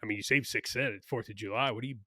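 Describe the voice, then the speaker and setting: A man's voice: mid-range voice, very fast, pushed and bright, slightly rough, no echo, studio quality. A man co-hosting a podcast, ranting bluntly and crudely in casual political chat. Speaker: podcast co-host.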